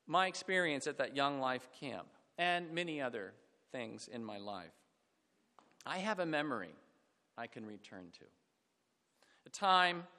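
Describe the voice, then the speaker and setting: A middle-aged man preaching a reflective sermon, falling to a hush on sad points. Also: mid-range voice. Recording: long hall reverb.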